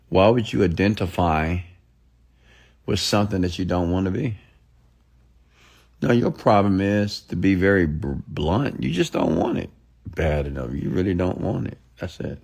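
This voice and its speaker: A motivational speaker with a low, creaky voice and darkish tone delivers a blunt, profane late-night rant. He mocks people by quoting their excuses, mimicking them in a raised voice.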